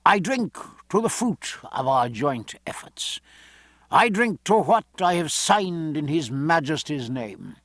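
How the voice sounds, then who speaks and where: A man's voice: on the high side, animated, takes it slowly, a bit bright, dry recording, studio quality, full character voice. A man reading the part of a pompous, sneering male envoy in a raised, haughty tone. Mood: self-satisfied.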